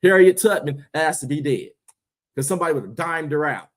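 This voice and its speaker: Guy ranting to his stream, fired up and preachy, slangy, kinda high voice. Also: lively intonation, brisk. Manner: preachy, emphatic, slangy, rhetorical questions. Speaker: streamer, host. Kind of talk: impassioned monologue.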